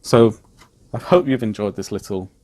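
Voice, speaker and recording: A middle-aged man, speaking in a measured, reflective way as he vlogs, with frequent ums. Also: lowish voice, warm tone. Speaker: vlogger. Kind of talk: reflective personal vlog talk.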